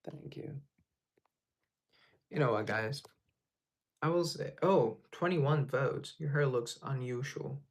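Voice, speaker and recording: A man of medium pitch hosts a relaxed livestream, talking slowly with frequent pauses as he reads comments aloud, rambles, and chuckles at himself.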